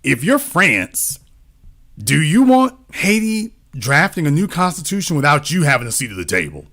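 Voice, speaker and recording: A man's voice: on the high side, very animated, moderate pace, sharp tone. A man talking as a political commentator in a casual discussion, often repeating himself and asking rhetorical questions.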